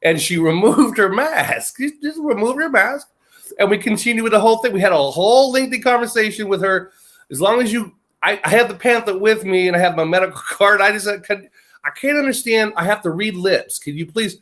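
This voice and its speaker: An American man talks in a loose, rambling way, joking as he goes. His voice sits a bit high, and he keeps chuckling mid-sentence. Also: expressive, brisk, a bit bright. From United States. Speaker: guest. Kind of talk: casual chat. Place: lives in Britain.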